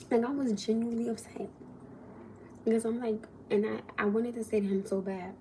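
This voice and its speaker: A young adult woman telling a story on a casual livestream, animated, swearing and quoting the people involved. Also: a little high, moderate pace, long pauses, slight background noise.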